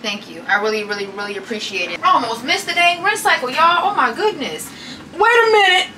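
A young woman with a drawl chatting casually at home for her vlog, lively and teasing, often calling people baby. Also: on the high side, quick pace. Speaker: vlogger. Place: home kitchen.

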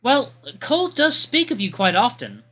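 A man's voice: very high-pitched, huge pitch swings, moderate pace, sharp tone, breathy edge, pitched above the performer's own voice, heavily acted. A man voicing a formal, earnest young woman knight with a courteous manner.

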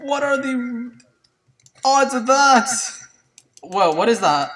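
A gameplay commentator chatting to viewers in a let's play, excitable and prone to yelps and shrieks at surprises. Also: high-pitched, slow, distant mic, low-quality recording. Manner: chatty, talks to viewers as "guys".

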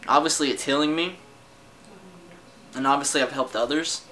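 A man's voice: fairly high pitch, steady tone, normal speed, bright, forceful tone, rough recording. A young man venting to his camera in a casual personal rant, defensive and frustrated, swearing a lot and often stopping to restart his sentences. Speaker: vlogger. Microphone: camera mic.

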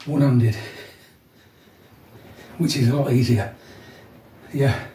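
Softly chatty man in an echoey room. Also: mid-range voice, fairly even intonation, takes it slowly, slight background noise. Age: 50s. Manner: chatty, keeps adding "yeah", talks softly to avoid waking people. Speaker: fitness vlogger. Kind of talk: casual workout vlog. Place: room at home. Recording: echoey room, mic at a distance.

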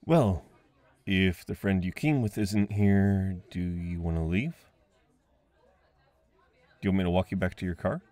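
A kind, teasing young guy at a house party, as a man acts him out in an audio role-play. His voice sits a little low and he talks in an unhurried, coaxing way, often breaking into soft chuckles. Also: dry recording. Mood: gentle, teasing.

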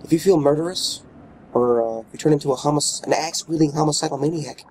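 A man's voice: a little high, fast, darkish tone, a little hiss or hum. A man casually commenting on his gameplay at home, playful, cooing baby talk at his character and swinging from muttering to exclamations. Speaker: let's play gamer. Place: home room with his dogs nearby.

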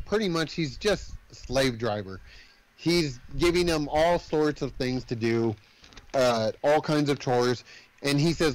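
A man's voice: mid-range voice, measured pace, no echo, rough recording. A man hosting a casual movie podcast, retelling a plot in a rambling way with lots of fillers and acted-out quotes. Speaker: podcast host.

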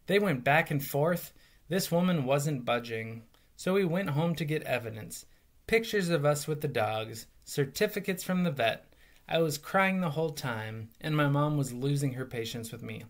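A man, a teacher, reading a memoir aloud with lively, expressive storytelling. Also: mid-range voice, normal speed.

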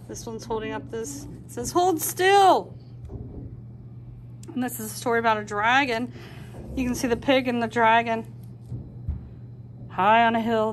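A woman reads a picture book aloud, pointing out what is happening in each picture. Her voice sits a little high, and faint ambient noise hums underneath. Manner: describes pictures, puts on lively character voices.

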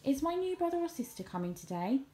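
A woman voicing an eager little male bear cub in a storybook reading, talking in a raised, excited voice. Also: sits high, quick pace, pitched above the performer's own voice.

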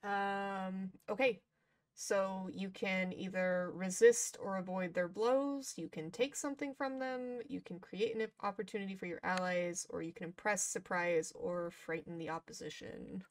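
A woman's voice: medium pitch, fairly even intonation. A woman running a tabletop superhero game, narrating scenes and explaining rules in a chatty way. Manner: chatty, quick to laugh. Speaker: game master.

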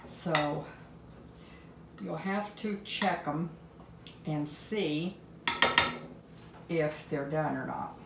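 A woman's voice: sits low, extremely slow, gravelly, pauses often. An older woman hosting a home cooking video, chatting in a homey way and talking while she tastes the food. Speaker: home cooking channel host. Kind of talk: casual cooking demonstration. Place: home kitchen. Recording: echoey kitchen, faint background noise.

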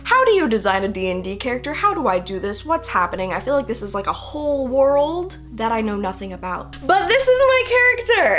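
A woman's voice: high-pitched, a bit bright. A young woman, a fashion student, chatting casually to camera in a bubbly, giggly, playfully rambling way.

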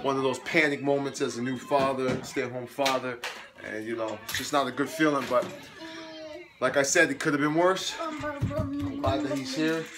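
A man's voice: mid-range voice, steady tone, moderate pace, noisy background. A young man speaks casually to his camera at home, still sweaty and tired from a workout. His talk is chatty and upbeat, and he slips into motivational coaching as he goes. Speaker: fitness coach vlogger. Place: home living room.

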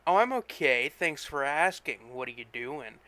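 A man's voice: mid-range voice, lively intonation, a little slow, bright, forceful tone. Man voicing a sweet-voiced young woman. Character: sensuous young woman, girlfriend, cheerful.

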